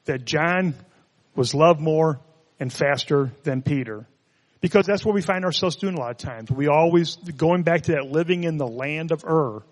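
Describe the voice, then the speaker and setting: Male preacher, relaxed and conversational, slightly raised pitch, reverberant hall. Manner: conversational, joking asides. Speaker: pastor. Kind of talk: sermon.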